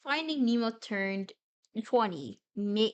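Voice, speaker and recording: A young adult woman chatting casually on a live stream while she draws, playful and rambling, with sudden bursts of excitement. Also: mid-range voice, slow pace, smooth.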